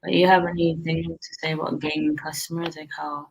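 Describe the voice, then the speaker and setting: In a deep, creaky voice with little pitch movement, a tired restaurant owner briskly chats about her business, yawning and rambling with frequent fillers and restarts as she gives tips. The low-quality recording carries a little hiss or hum.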